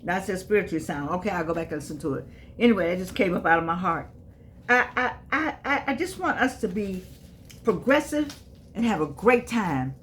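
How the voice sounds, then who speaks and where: A woman's voice: fairly low pitch, lively intonation, a little fast. An older woman in her eighties talks in a loose, folksy way. She restarts her sentences and then presses her points home with emphasis. A faint hiss runs underneath her voice. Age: 80s. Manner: folksy, repeats herself, emphatic. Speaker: vlogger. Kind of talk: casual spoken reflection.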